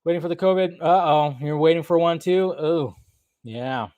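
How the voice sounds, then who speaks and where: Measured in pace and a little mellow, this young man's fairly high voice carries a casual live stream where he greets viewers by name between chatter. A slight throaty cough comes through, recorded without echo on a desk mic.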